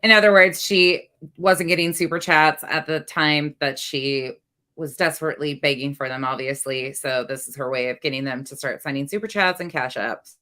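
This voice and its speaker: A woman's voice: low-pitched, moderate pace, sharp tone. A woman hosting reaction commentary, sarcastic and exasperated about what she plays. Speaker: commentary host.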